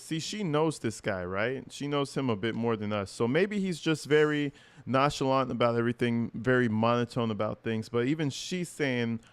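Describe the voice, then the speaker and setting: Brief: male channel host reacting casually and bluntly, smooth voice, close dry mic. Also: mid-range voice, animated, moderate pace, no room sound.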